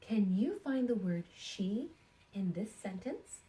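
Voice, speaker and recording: A woman teaching sight words to young kindergarten children in a slow, encouraging sing-song way. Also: medium pitch, sing-song, mellow.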